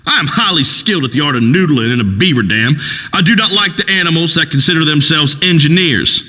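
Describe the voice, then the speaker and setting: A man's voice: on the high side, expressive, brisk, pushed and bright, long reverb tail, poor audio. An actor playing a crude, macho rural male talk-radio host in a comedy game radio show, drawling and preachy. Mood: boastful.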